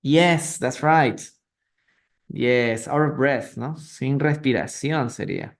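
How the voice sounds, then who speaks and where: A man's voice: mid-range voice, slow. A man teaching English in a live online reading lesson, patiently repeating and translating words and asking students questions. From Peru. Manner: asks students questions and greets viewers. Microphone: phone or computer mic for a live stream.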